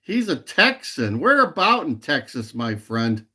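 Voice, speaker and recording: A man's voice: medium pitch, big pitch swings, unhurried, pushed and bright, breathy edge. A man hosting a casual livestream and chatting with viewers, rambling, laughing often and repeating a catchphrase. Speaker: livestream host. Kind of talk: casual chat with live viewers.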